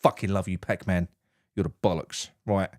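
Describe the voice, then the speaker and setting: A man hosting a live football reaction, excitable and sweary, shouting with delight. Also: low voice, normal speed, no echo, clean studio sound. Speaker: fan channel host. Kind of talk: live post-match reaction chat.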